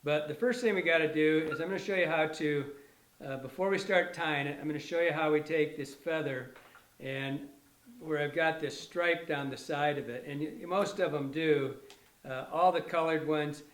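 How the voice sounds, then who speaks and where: A man's voice: a little high, steady tone, moderate pace, echoey room. Rambling man demonstrating fly tying. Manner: rambling, self-correcting, enthusiastic. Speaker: fly tier, instructor. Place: fly shop tying bench.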